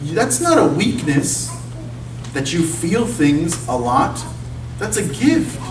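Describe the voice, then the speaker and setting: A man's voice: a little high, sing-song, takes it slowly, distant mic, noisy background. A man giving an informal sermon-style talk in a church, speaking conversationally and often checking in with his listeners with "okay?" and "you see?". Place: church sanctuary. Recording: echoey church recorded from afar.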